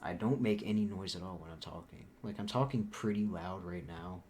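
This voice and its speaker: A soft-spoken young man rambling casually through a story as a vlogger, swearing often, recorded on a desktop mic at home. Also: deep voice, normal speed, slight background noise. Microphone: desktop mic recorded in Audacity.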